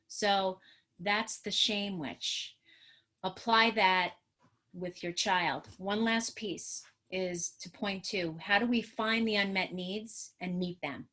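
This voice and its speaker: A woman presenting a parenting webinar as a trauma specialist, emotional and animated, acting out what parents say to children. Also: mid-range voice, takes it slowly. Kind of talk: expressive webinar teaching.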